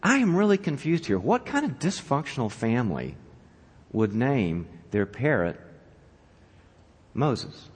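A man's voice: mid-range voice, huge pitch swings, slow pace, pauses often, darkish tone, breathy edge, long reverb tail, heavily acted. A man putting on the voice of a bewildered burglar in a joke, asking incredulous questions. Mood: baffled. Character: bewildered male burglar caught mid-theft.

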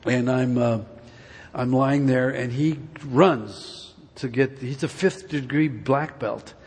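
Husky older man telling a story in church. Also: medium pitch, slow pace, darkish tone. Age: 70s. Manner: folksy, meandering storytelling. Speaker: speaker giving a church testimony. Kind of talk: rambling personal story told to a congregation. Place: church sanctuary. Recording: long reverb of a large hall.

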